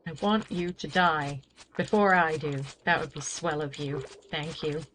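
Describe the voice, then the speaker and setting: A woman's voice: low voice, unhurried, a bit bright, slight background noise, rough recording. A woman chatting wryly to herself while streaming a video game. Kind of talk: casual gameplay commentary.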